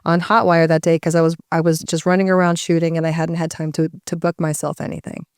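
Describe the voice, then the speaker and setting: Woman, low and smooth, dry close sound; animated storyteller who acts out the people she quotes. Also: fast, no room sound. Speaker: guest speaker. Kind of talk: casual storytelling to a live audience.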